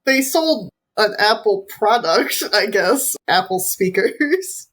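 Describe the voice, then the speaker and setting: A podcast co-host who grew up in the American South, talking casually in a mid-range voice. Laughs come often and the asides are quick and playful. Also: mid-range voice, lively intonation, fairly bright tone, slight background noise. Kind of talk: casual chat.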